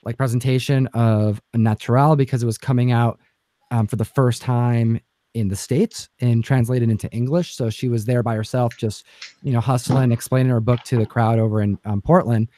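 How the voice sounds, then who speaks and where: A man's voice: medium pitch, steady tone, normal speed, mellow, no echo. A man hosting a casual comic book livestream chat, telling a long story with many fillers and restarts. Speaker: comic book channel host.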